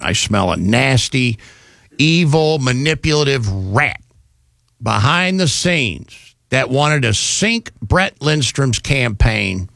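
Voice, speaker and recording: A man's voice: medium pitch, gravelly, fairly bright tone, dry recording. A male radio talk show host delivering an indignant, rambling, sarcastic opinion monologue on a studio microphone.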